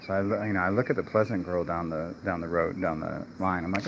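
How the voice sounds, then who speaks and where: Walking residential streets door to door, a male real estate agent livestreams from his phone, rambling and talking to himself between stops. He speaks quickly with few pauses in a low, creaky voice full of lively intonation, against a noisy background.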